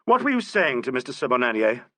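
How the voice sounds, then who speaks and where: A man voicing a polite, urbane police inspector who questions suspects with gentle irony, in an audiobook. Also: mid-range voice, big pitch swings, fast talker, no echo, clean studio sound, voice pushed up. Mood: questioning. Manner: courteous, urbane, gently ironic. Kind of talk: audiobook character voice.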